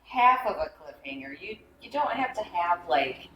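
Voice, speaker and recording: A chatty woman co-hosts a podcast, teasing and laughing easily. Her voice sits on the low side. She sounds roomy and echoey, with faint noise behind her. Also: sing-song, moderate pace, highs cut off. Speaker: podcast co-host. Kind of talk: casual podcast chat.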